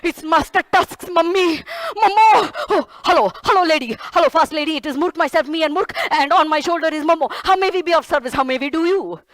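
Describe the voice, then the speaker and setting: Brief: bumbling hunter with an Indian English lilt, fussy and repetitive, high and dry, a woman in a stage play. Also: animated, brisk, hardly any pauses, a bit bright, dry recording. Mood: panicky. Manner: fussy, rambling, repeats herself. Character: blustering bumbling hunter with pet Momo. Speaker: solo stage performer.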